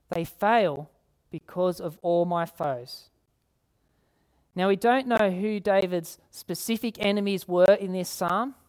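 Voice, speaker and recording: A woman preaching a sermon, earnest, repeating key phrases and slowing down to read scripture. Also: mid-range voice, darkish tone. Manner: slows down to read scripture aloud.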